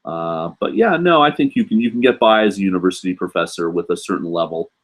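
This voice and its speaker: A fast-talking man with a fairly low voice runs a casual live question-and-answer stream, answering viewers as a university English teacher based in Japan. Chatty and animated, he keeps saying "you know" and raises his voice to act out students and staff.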